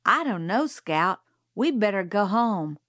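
A woman's voice: medium pitch, very animated, measured pace, a bit bright, no echo, studio quality. A woman reading aloud who voices an anxious, stubborn young boy in a storybook, pleading and insistent. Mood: urgent.

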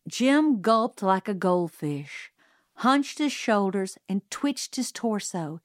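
A woman narrating a storybook aloud in a measured, even storytelling delivery. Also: medium pitch, no room sound, studio quality. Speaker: audiobook reader.

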